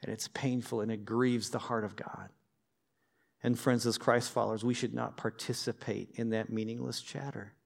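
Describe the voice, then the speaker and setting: A man's voice: medium pitch, little pitch movement, moderate pace, gravelly. Conversational male pastor preaching. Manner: conversational, with personal anecdotes and humor. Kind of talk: sermon.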